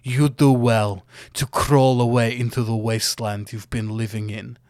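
A man's voice: mid-range voice, little pitch movement, a little slow, darkish tone, no echo, clean studio sound, close to an everyday voice. A man voicing an arrogant, boastful male villain wrestler who taunts with sneering, grandstanding speeches.

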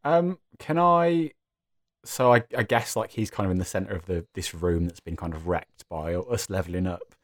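A man's voice: sits low, normal speed, dry recording, clean studio sound. A man playing a tabletop game, speaking hesitantly with lots of fillers. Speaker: player.

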